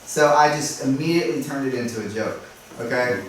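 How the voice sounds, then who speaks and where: A man's voice: mid-range voice, fairly quick. Realtor guy chatting to a workshop group, acts out little doorstep dialogues, sounds far off in a really echoey room. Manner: chatty and self-deprecating, acts out doorstep dialogues, often asks "right?". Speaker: realtor sharing tips at a workshop. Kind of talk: casual workshop talk to a small group. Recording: echoey room, speaker far from the mic, faint noise.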